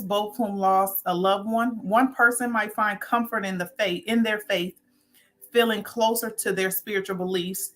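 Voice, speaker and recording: A woman hosting a spiritual talk show, speaking loosely, often correcting herself and laughing lightly at her slips. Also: medium pitch. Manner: warm, rambling, self-correcting with little laughs. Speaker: host.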